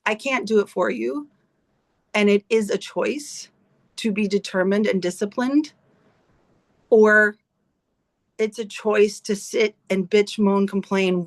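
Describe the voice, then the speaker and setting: A woman's voice: medium pitch, fairly even intonation, slow. A woman on a video call, a team leader giving her team a blunt, emphatic motivational talk full of swearing. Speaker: team leader in direct sales.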